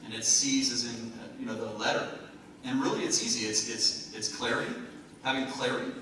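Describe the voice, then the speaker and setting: A man giving a lively motivational talk to a live audience, joking and asking the room questions. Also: medium pitch, brisk. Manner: lively, jokey, asks the crowd questions. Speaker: motivational speaker. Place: event hall before a live audience. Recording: very echoey hall, speaker far from mic, noisy.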